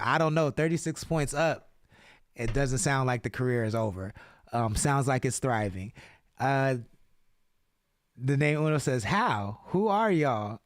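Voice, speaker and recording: A man's voice: mid-range voice, no room sound, studio quality. A man hosting a live hip-hop radio stream, chatting loosely and reading viewer comments aloud with plenty of swearing. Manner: loose, reads chat aloud, swears freely. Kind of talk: casual live-stream chat.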